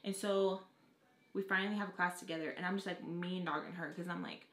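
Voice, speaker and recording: A young adult woman telling a storytime vlog, talking fast and casually, with plenty of "like" and frequent swearing. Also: fairly low pitch, steady tone, fairly bright tone. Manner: fast casual talk, heavy on "like", swears freely. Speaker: vlogger. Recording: echoey room.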